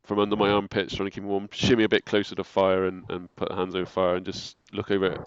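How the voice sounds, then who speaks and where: A man's voice: low voice, monotone, fast talker, smooth, dull audio. A man taking part in a tabletop game, casually describing his character's actions. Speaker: player.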